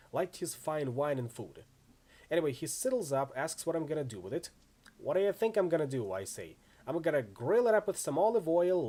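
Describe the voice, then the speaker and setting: A man's voice: a little high, mellow, slightly rough. A man voicing a brash, tough female mercenary in a game reading, telling stories in a chatty, wry way.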